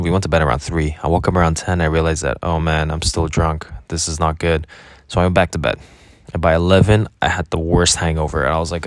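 A man's voice: sits low, no echo. A young man casually recounting his travels as a vlogger, rambling and correcting himself with many fillers. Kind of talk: casual spoken travel diary.

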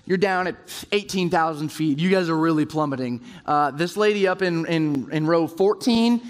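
Man, high voice, conversational sermon, acts out inner voices, long hall reverb. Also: normal speed. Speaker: speaker at a men's group. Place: large room with round tables.

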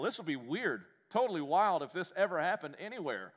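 A man preaching a sermon in a church, folksy and joking, with animated delivery. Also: fairly high pitch, brisk, few pauses. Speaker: pastor.

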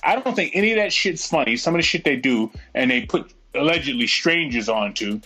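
A man's voice: mid-range voice, animated, fairly quick, pushed and bright, husky, low-quality recording. A man chatting on a podcast, ranting heatedly and swearing constantly. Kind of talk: profane casual chat.

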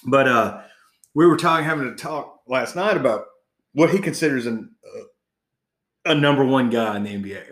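A man's voice: medium pitch, expressive, moderate pace, fairly bright tone, roomy sound. A man co-hosting a casual sports chat, ranting in a heated, profane way.

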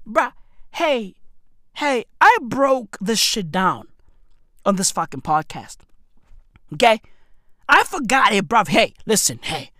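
A woman's voice: mid-range voice, very animated, takes it slowly, long pauses, pushed and bright, dry recording. A woman hosting a podcast, ranting in a profane, repetitive way, close to the mic. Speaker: podcast host.

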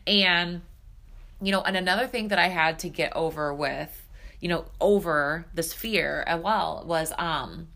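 A woman's voice: on the low side, measured pace, vocal fry, sharp tone. A woman hosting her own podcast, talking in a casual, reflective way and often filling with "like" and "you know.". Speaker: podcast host. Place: seated indoors recording.

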